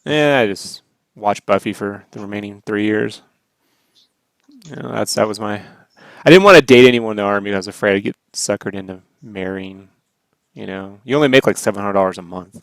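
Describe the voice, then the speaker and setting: An American man chats loosely over an art stream, laughing often and swearing freely. His voice has a gravelly edge. The sound is dry and close to the mic. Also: lowish voice, fairly quick, dry recording. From United States. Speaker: co-host. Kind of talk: casual chat while drawing.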